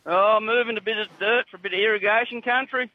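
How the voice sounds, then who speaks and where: A man's voice: high voice, steady tone, fast, muffled recording. A man with a broad rural Australian accent calling in from his tractor, chatting in a laconic, drawling way. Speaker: caller. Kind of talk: casual phone chat. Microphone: phone.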